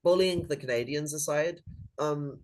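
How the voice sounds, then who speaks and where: A man's voice: a little high, measured pace, low-quality recording. A man chatting casually as host, rambling with many fillers and jokes. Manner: rambling, filler-heavy, joking. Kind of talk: casual chat.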